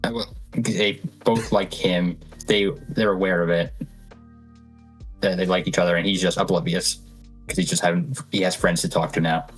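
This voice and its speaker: Brief: Scottish co-host, very low voice, dry and hesitant, faint music behind. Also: male voice, fairly even intonation, moderate pace, slightly rough, poor audio. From Scotland. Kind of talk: casual livestream chat.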